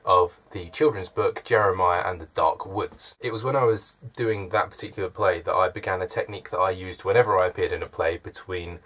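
A man's voice: deep voice, brisk, hardly any pauses, fairly bright tone. A man, chatting to camera from his room with dry, self-deprecating humour. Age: early 20s. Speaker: vlogger. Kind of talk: casual chat to camera.

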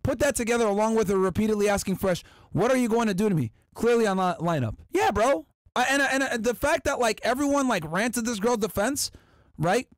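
In a high, expressive voice and at a fairly quick pace, a podcast host reads out viewer chats and fires back with emphatic, combative profanity. It's casual podcast chat with a dry, clean studio sound.

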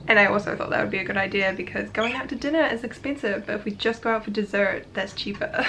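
A woman's voice: medium pitch, fairly bright tone, slight background noise. A young woman vlogging casually to camera, chatty and bubbly, full of "like" fillers and giggles. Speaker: vlogger launching a business. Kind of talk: casual vlog talk to camera.

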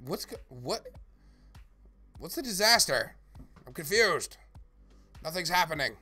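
Playful guy streaming a game, bright bouncy voice, greets chat, soft music behind. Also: on the high side, sing-song, measured pace. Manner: playful, greets chatters while playing. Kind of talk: casual live-stream chat.

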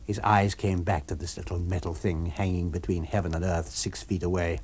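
A man narrating an abridged novel for radio in a measured, expressive storytelling manner. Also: sits low, breathy edge. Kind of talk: abridged audiobook reading for radio.

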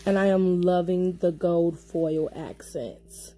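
A woman's voice: on the low side, steady tone, slow pace, mellow. A young woman vlogging casually, sassy and effusive, calling her viewers y'all and honey. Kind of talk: casual vlog chat.

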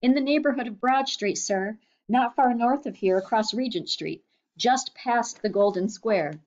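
A woman's voice: on the high side, measured pace, a little mellow, voice pushed up, close to an everyday voice. A woman reading the part of a poor young boy who speaks nervously and politely, often stammering. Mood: earnest. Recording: slightly dull lo-fi recording.

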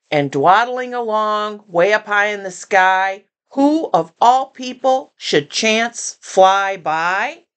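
An older woman reading a children's picture book aloud with gentle, chatty asides to young listeners. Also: mid-range voice. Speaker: storybook reader.

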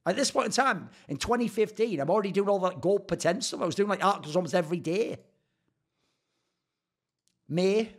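A man in a sarcastic, profane commentary on old tweets, swinging between loud outbursts and low mutters. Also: lively intonation, brisk, pauses often, breathy edge. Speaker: esports commentator and YouTuber.

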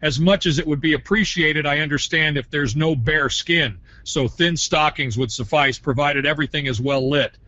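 A man's voice: fairly high pitch, moderate pace, hardly any pauses, sharp tone, no echo. Give me a man reading a prank text over dull call audio.

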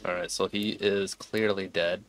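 Deep-voiced laid-back male streamer. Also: steady tone, a little slow. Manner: laid-back, rambling reactions. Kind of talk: casual gameplay commentary. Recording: commentary over loud game sound.

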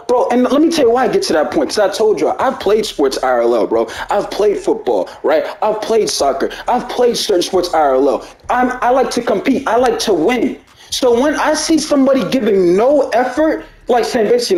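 A man's voice: high-pitched, very animated, moderate pace, a little mellow, roomy sound, rough recording. A man who makes gaming videos, angrily ranting to his viewers in a profane, repetitive way. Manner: angry, profane, repeats himself, ends lines with "bro". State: heated. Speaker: gaming YouTuber. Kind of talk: heated gameplay rant to viewers.

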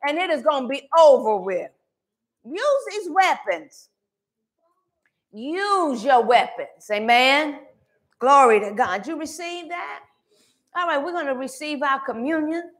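A woman with a high voice preaches a sermon in a church. She swings between loud calls and quiet asides, pulling the congregation into call-and-response. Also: expressive, normal speed. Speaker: pastor. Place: church sanctuary.

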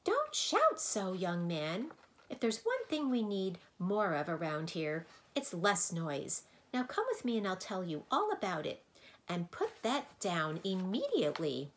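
A woman's voice: medium pitch, very animated, measured pace, slight background noise. A woman voicing a prim, stubborn woman who keeps sounds, in a storybook read-aloud. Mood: scolding. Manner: prim, bossy.

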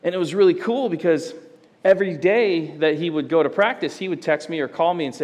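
A man's voice: sits high, lively intonation, brisk, darkish tone, big-room sound. A male pastor preaching a sermon in a church, conversational and storytelling, slipping into acted quotes. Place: church sanctuary.

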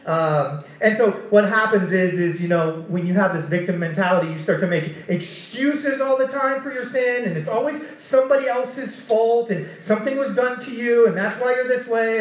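A male pastor with a fairly high voice, preaching in a loose, conversational way and tossing in "man" as he goes. The room around him rings with a noticeable echo. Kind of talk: sermon. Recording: roomy echo.

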